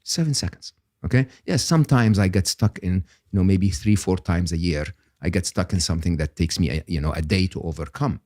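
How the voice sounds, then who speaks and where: An older man, a guest on an interview podcast, explaining ideas in an animated, emphatic way and often checking in with "okay?". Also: low voice, brisk, dry recording, studio quality.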